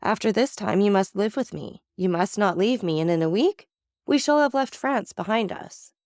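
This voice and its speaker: A woman's voice: mid-range voice, expressive, moderate pace, a little mellow, dry recording, clean studio sound, close to an everyday voice. A woman voicing a mysterious, commanding nobleman in a storybook reading, solemn and persuasive.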